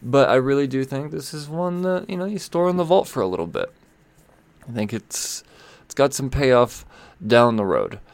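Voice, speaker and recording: A man's voice: mid-range voice, expressive, moderate pace, gravelly, dry recording. A man giving casual, rambling commentary on comic books, blunt and swearing freely, often trailing off mid-thought. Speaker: comic book reviewer.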